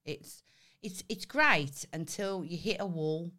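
A woman's voice: lowish voice, slow pace. A woman, telling a wild story on a casual podcast and swearing freely. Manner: animated storyteller, swearing, acts out voices with laughter. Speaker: podcast co-host. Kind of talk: casual chat.

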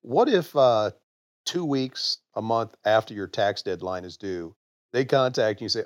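A man's voice: lowish voice, expressive, unhurried, dry recording, clean studio sound. A man co-hosting a casual podcast, cracking jokes and telling a gag story. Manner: joking, tells jokes with punchlines. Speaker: podcast co-host.

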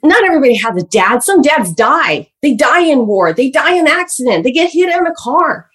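A woman's voice: sits high, big pitch swings, moderate pace, a bit bright, pitched above the performer's own voice. A woman voicing a furious mother who harshly scolds her young child. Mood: stern.

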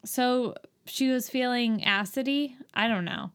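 A woman with a somewhat high voice co-hosts a casual podcast, retelling a movie scene with animated disbelief. Her talk is chatty and exasperated, full of quick asides. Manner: exasperated, incredulous, animated storytelling. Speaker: podcast co-host. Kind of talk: casual movie recap chat.

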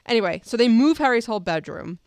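Clear-voiced woman hosting a podcast chat. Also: fairly high pitch, expressive, fast, a little mellow, no room sound, clean studio sound. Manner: playful, leads the discussion with questions. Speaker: podcast host.

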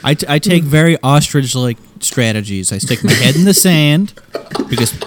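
A man on a casual podcast, rambling as he makes fun of himself. His line has clear noise and clicks behind it. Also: medium pitch, lively intonation, normal speed. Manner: self-mocking, rambling.

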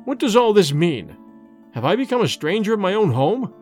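Stern old man for a dark storybook, read by a man, hollow and menacing, lively pitch. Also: moderate pace, faint music behind. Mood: annoyed. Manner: hollow, gruff and threatening.

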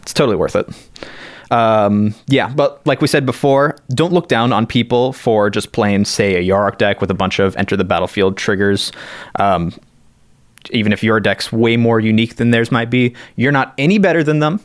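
A man's voice: lowish voice, no echo. A man co-hosting a podcast in casual chat, upbeat and easygoing. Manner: upbeat and easygoing, quick to agree. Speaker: podcast co-host.

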